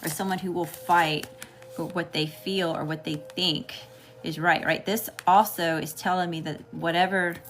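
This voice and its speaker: A woman's voice: lowish voice, steady tone, normal speed, fairly bright tone, faint music behind. A woman with a Southern US accent giving a live tarot reading, casual and chatty, often checking in with her viewers. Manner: casual, keeps checking in with "okay?" and greeting chat. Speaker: tarot reader.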